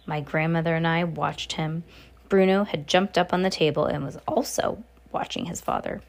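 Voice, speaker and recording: A woman's voice: lowish voice, gravelly. A woman reading a children's novel aloud in a casual, unpolished way. She trips over words, corrects herself and drops little asides between the narration. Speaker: reader.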